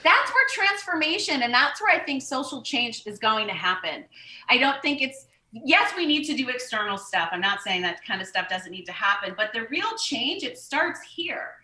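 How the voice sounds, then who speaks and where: A woman yoga teacher talks openly and bluntly in a casual podcast chat, cursing without a second thought. Her voice is bright and sits a little high. The room around her rings with a noticeable echo. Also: sing-song, moderate pace. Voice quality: candid and blunt, swears casually.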